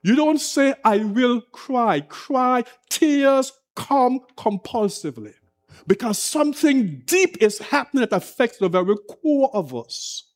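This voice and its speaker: A man preaching an impassioned sermon, full of rhetorical questions and repetition. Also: high-pitched. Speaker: pastor.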